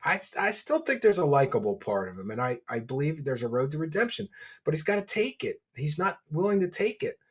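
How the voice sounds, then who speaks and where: Husky boastful man hosting a livestream. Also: on the high side, very animated, a little fast. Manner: boastful, mocking, rambling. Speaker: livestream host. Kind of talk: casual livestream chat reading donations.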